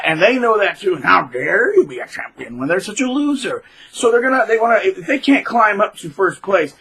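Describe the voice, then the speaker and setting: A man hosting his own channel, giving rambling, emphatic casual advice, with sudden loud bursts of emphasis. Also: high voice, very animated, moderate pace, slightly rough, poor audio. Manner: rambling, with frequent restarts. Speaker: channel host.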